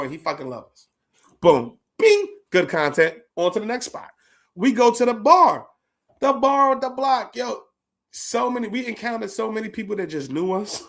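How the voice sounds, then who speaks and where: A man hosting a podcast, telling stories in an animated, slangy, profane way. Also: sits high. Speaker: podcast host. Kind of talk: casual reminiscing monologue.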